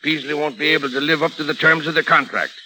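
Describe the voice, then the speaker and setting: An actor playing a blustering sixty-year-old shipping boss who bellows colorful sea oaths, in 1940s radio acting style. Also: male voice, a little high, fast talker, sharp tone, a little hiss or hum, rough recording. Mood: scheming.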